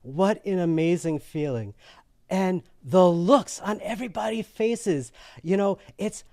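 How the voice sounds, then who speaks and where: A man, a guest in an interview, telling a story in an animated way, acting out the voices in it and laughing often. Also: high voice, unhurried, dry recording, clean studio sound. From United States.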